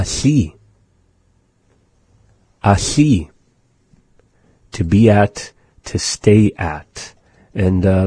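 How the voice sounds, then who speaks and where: A man teaching his people's language, going slowly and patiently, with many pauses, and repeating words for practice. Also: deep voice, warm tone, slightly rough, no room sound. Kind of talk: pronunciation lesson.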